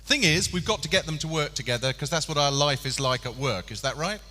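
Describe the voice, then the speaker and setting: A man's voice: fairly high pitch, animated, fast talker, bright, forceful tone, soft background music. A man running a live training workshop on stage, jokey and teasing with his audience. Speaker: workshop presenter. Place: large hall with a live audience. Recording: reverberant hall, faint noise.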